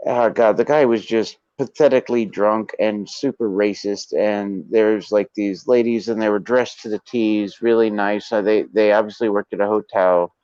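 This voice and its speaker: Low-voiced man telling rambling stories. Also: fairly even intonation, normal speed, hardly any pauses, a little mellow, clear, resonant tone, no echo, dull audio. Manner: laid-back, profane, rambling anecdotes. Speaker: podcast host. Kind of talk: casual storytelling chat.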